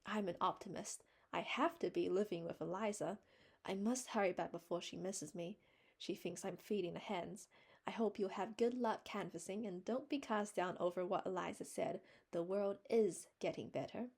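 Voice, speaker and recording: A woman's voice: mid-range voice, gravelly, darkish tone, husky. A woman reading as a breathless, cheerful older woman. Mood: hurried. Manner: hurried, out of breath.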